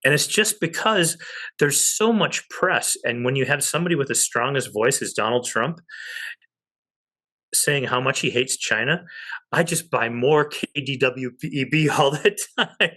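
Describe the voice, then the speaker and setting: A man's voice: medium pitch, a little slow, bright, forceful tone. A man giving an emphatic explanation of money as an interview guest, often checking in with "okay?". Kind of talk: animated explanatory talk.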